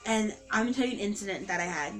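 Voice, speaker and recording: A teenage girl talks into her camera in a casual, personal way. Her voice sits at an ordinary mid pitch. She rambles, leans on fillers and corrects herself as she goes, over faint background music. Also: lively intonation, very fast, low-quality recording. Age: teens. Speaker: vlogger.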